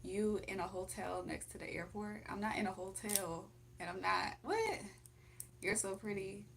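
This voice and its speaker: A young woman talks loosely to her livestream viewers from home, laughing often and reading out comments as she goes. Her pitch sits in a middle range for a woman. A faint hum runs underneath. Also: animated, moderate pace, vocal fry, a bit bright. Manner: chatty, laughs often, reads chat aloud. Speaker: livestream host. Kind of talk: casual livestream chat.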